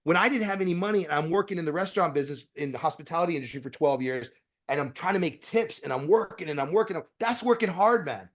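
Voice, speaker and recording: A man who is a dentist, a guest on a podcast interview, talking bluntly with profanity and animated storytelling. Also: a little high, quick pace.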